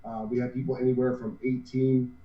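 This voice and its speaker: Fairly quick and medium in pitch with little pitch movement, this cosplay group co-owner in his 50s rambles earnestly through a casual interview, frequently starting over. The sound is lo-fi, dull, distant and roomy.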